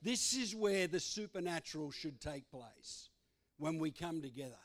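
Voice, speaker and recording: A man's voice: on the high side, expressive, moderate pace. A man preaching a sermon, emphatic and given to repetition. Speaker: pastor.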